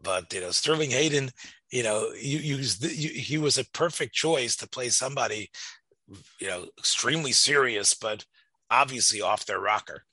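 A man's voice: mid-range voice, expressive, normal speed, sharp tone, breathy edge, dry recording. A man in a casual film discussion, rambling with many restarts and fillers.

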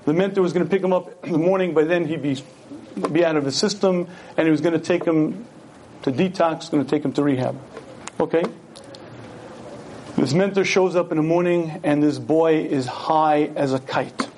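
A man's voice: a little high, normal speed, a little mellow, a little hiss or hum. A man giving an earnest Torah lecture, telling stories and asking his listeners rhetorical questions.

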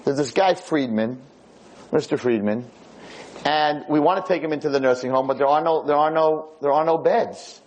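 A man's voice: fairly high pitch, normal speed, darkish tone, slight background noise, lightly acted, poor audio. A man voicing the head of a nursing home politely asking a resident for a favor. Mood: pleading. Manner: earnest, apologetic request.

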